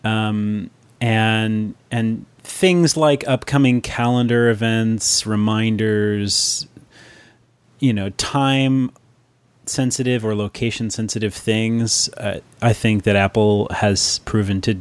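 A man's voice: lowish voice, steady tone, takes it slowly, clean tone, no echo. A man hosting a casual tech chat, rambling and correcting himself as he goes, laughing easily.

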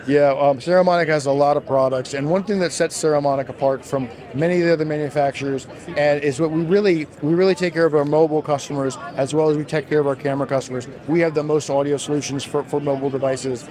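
A man's voice: fairly even intonation, a crowd in the background. A man, a brand marketing manager, enthusiastically demonstrating products at a trade show while he is losing his voice. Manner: enthusiastic, fast product pitch.

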